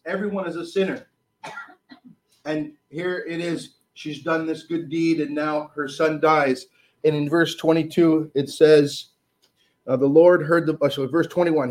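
In a poor-quality recording, a preacher grows loud as he reads scripture and goes quiet on his asides. His animated delivery keeps stumbling, full of fillers and repeated restarts.

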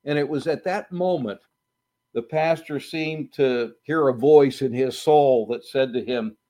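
A man preaching a sermon, slow and deliberate, building to emphatic repetitions. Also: mid-range voice, warm tone. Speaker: pastor.

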